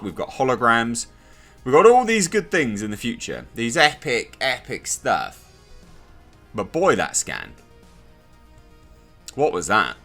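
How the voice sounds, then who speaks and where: A young man talks through a TV episode in a loose, exasperated review. His voice swings widely in pitch and sounds bright and forceful. Faint background music plays under him. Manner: sarcastic, exasperated, mocking impressions. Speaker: TV show reviewer. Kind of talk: casual spoken review.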